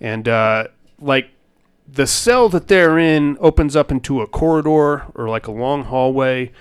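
A man talks through a film in a loose, rambling way, tossing in casual swearing as he goes. His voice is smooth and clean, sitting at an ordinary middle pitch for a man. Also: animated, measured pace. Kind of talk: casual movie recap chat.

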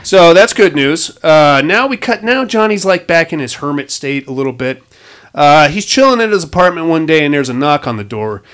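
Brief: a foul-mouthed, rambling host recapping a film, voice a touch high. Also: male voice, animated, normal speed, a bit bright, smooth. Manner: profane, rambling, wisecracking. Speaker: podcast host. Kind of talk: casual movie recap.

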